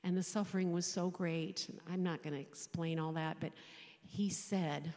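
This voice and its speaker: Halting woman in her 60s, echoing hall. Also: on the low side, steady tone, darkish tone. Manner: halting, emotional, often dropping to a whisper. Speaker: chaplain. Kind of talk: personal faith testimony. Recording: long hall reverb.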